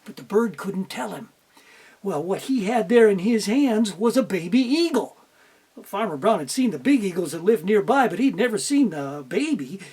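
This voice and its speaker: Folksy male storyteller, husky tone, very animated delivery. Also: sits high, normal speed. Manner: animated, folksy, makes sound effects. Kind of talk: oral storytelling.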